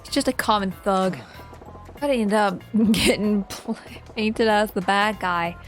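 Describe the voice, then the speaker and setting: A woman's voice: mid-range voice, a little slow, soft background music. A woman streaming a video game, chatting casually and animatedly as she plays, often breaking into laughter. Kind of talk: casual gameplay commentary.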